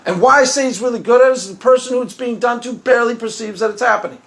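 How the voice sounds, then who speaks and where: Guy with a fairly high voice ranting casually to camera, lively storyteller, does little voices for quotes. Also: rapid-fire. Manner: animated storytelling, acts out quotes, laughs often; conversational, many restarts. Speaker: YouTube commentator. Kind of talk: unscripted video commentary.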